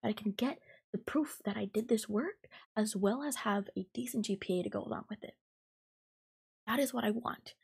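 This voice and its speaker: A woman in her twenties hosting a podcast, venting heatedly and profanely about a coworker, talking fast with lots of fillers. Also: medium pitch, vocal fry, a little mellow, husky. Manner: fast and emphatic. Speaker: podcast host. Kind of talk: ranting storytime podcast.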